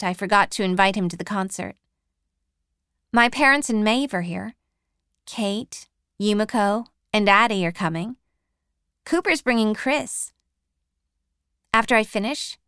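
A woman reading a first-person story aloud in a calm, measured way. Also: mid-range voice, clear, resonant tone, dry recording, studio quality. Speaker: audiobook narrator. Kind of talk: scripted first-person narration.

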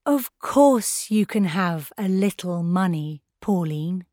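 A woman's voice: on the low side, animated, slow pace, warm tone, no echo, studio quality. A woman voicing a firm, sensible adult guardian who speaks reasonably.

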